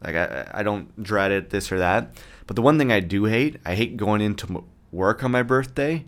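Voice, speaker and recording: Here a thirtysomething podcast host speaks at normal speed in a lowish voice, ranting alone with heavy swearing and sarcastic asides. His flat, self-described monotone delivery barely shifts.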